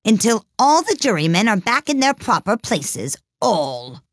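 A woman's voice: sing-song, normal speed, no echo, studio quality. A woman playing a fretful storybook king. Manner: fretful, bursting out high and loud. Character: fussy anxious male king of a storybook court.

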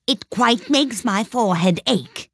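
A woman voicing a fussy, anxious male king in a storybook, calling out in a high, lively voice. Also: measured pace, slightly rough, no room sound, clean studio sound, heavily acted. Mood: fretful. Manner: fretful, bursting out high and loud.

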